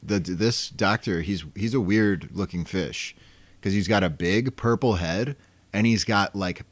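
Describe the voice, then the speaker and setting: A man's voice: lowish voice, measured pace, dry recording. A young man co-hosting a podcast, talking in a laid-back, rambling way in a casual chat. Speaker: podcast co-host.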